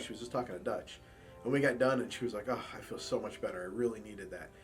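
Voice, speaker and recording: Speaking very fast in a lowish voice, a campus police officer who handles a support dog tells stories for a documentary interview. He's relaxed and acts out the dialogue he quotes, with faint music playing behind him.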